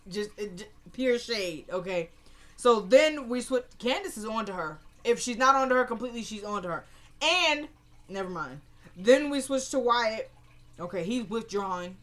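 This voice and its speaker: A woman's voice: medium pitch, lively intonation, a little slow, a bit bright. A woman recapping a TV episode in a chatty, rambling, opinionated way. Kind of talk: casual spoken recap.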